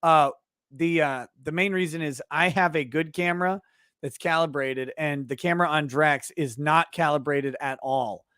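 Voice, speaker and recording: A male host reading viewer messages aloud on a casual livestream, relaxed and wry. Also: on the high side, moderate pace, dry recording, clean studio sound. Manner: relaxed, wry, trailing off with fillers.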